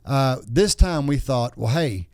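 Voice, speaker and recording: A man's voice: medium pitch, expressive, a little slow, darkish tone, dry recording, studio quality. A man in his thirties or forties, hosting a podcast with a crude, joking, rambling way of telling stories. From Texas. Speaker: podcast host. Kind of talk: casual chat.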